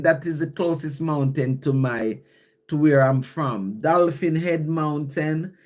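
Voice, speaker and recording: A man's voice: fairly high pitch, slow, a little mellow. A man from Jamaica with a Jamaican accent, chatting casually on a phone live stream and reading his poetry, explaining and repeating lines as he goes.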